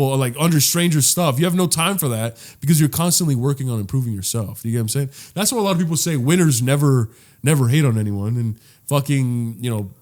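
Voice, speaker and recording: A man's voice: a little high, a little mellow. A young man co-hosting a casual podcast, talking earnestly and swearing freely, often repeating words as he builds his point. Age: young adult. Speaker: podcast co-host.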